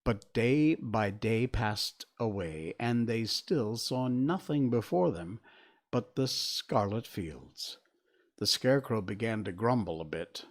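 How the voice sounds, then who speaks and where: A man narrates a storybook at a slow, deliberate pace. His pitch roams widely, giving the reading a lively, animated shape. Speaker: stream host reading aloud.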